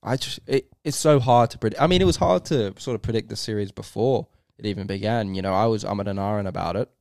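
A man co-hosting a sports podcast, talking in a relaxed, teasing way. His voice sits low with a gravelly, smooth texture. The sound is dry and close. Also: quick pace, no room sound. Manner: chatty, hedging, teasing. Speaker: podcast co-host. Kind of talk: casual sports chat.

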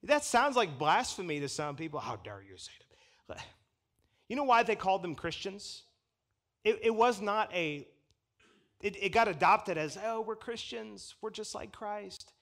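High-pitched guy preaching, swoops all over the place, chuckles a lot, acts out little voices. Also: very animated, normal speed, long pauses, a bit bright. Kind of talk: sermon. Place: church pulpit.

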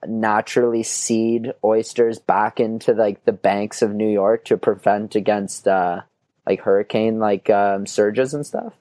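A man's voice: lowish voice, fairly even intonation, unhurried, dark tone, no room sound. Young man in loose profane banter. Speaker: podcast co-host. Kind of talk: casual chat. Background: hip hop beat.

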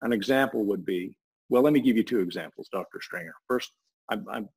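A man's voice: on the low side, expressive, a little fast, vocal fry, a little mellow, husky, low-quality recording. A man talking through an idea in a loose, rambling way, often restarting his sentences. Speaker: guest explaining a voice technology. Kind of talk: casual explanatory talk.

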